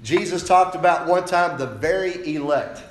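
A man's voice: a little high, normal speed. A man preaching a sermon as a pastor, emphatic and insistent, often ending points with a rhetorical "right?". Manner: preaching with frequent rhetorical "right?" tag questions. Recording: roomy echo.

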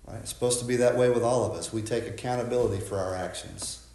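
Folksy pastor preaching in an echoey church. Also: male voice, lowish voice, fast talker, creaky, a little mellow, a little hiss or hum. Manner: conversational, folksy preaching with frequent "right?" and restarts. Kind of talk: sermon.

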